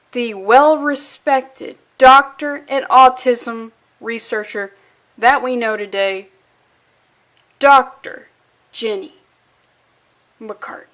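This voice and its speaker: Snarky woman ranting about a comic, high voice, swears a lot, kinda valley girl. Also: a bit bright. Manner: snarky, exasperated, swears freely. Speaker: comic reviewer. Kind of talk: sarcastic comic review.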